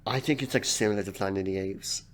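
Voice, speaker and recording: A man's voice: fairly low pitch, quick pace, crowd noise. A man co-hosting a podcast, chatting casually about movies with hesitant, stammering restarts. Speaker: podcast co-host. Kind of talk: casual movie review chat.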